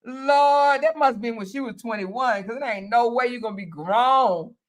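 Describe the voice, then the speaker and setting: A woman's voice: fairly high pitch, normal speed. A woman hosting a casual live stream, reading out viewer comments, teasing and laughing as she talks straight to her viewers.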